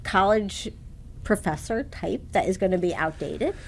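A woman interviewer asking questions and thinking aloud with frequent pauses and "um"s. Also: medium pitch, animated, creaky, husky.

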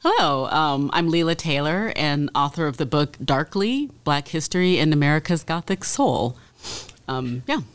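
A woman's voice: low voice, animated, moderate pace, smooth. A woman from Detroit, an author being interviewed, answering in a thoughtful way with many ums. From Detroit, USA. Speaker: author guest.

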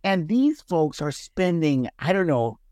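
A man in casual conversation as a podcast guest, his voice leaping up and down in pitch as he tells his stories. He laughs often, and the sound is dry and close. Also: measured pace, dry recording. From United States. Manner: animated storyteller, laughs often. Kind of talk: casual chat.

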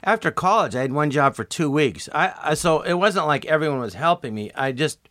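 Older male guest, bright, forceful voice, lively storyteller who slips into quoted voices, dry close mic. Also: fairly high pitch, fairly quick, dry recording. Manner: animated, acts out quotes in voices. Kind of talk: casual storytelling.

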